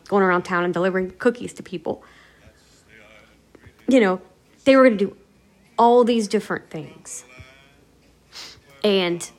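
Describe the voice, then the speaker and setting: A woman podcast host casually retelling a radio episode in a rambling, conversational way. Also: medium pitch. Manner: rambling, conversational, many "you know" fillers.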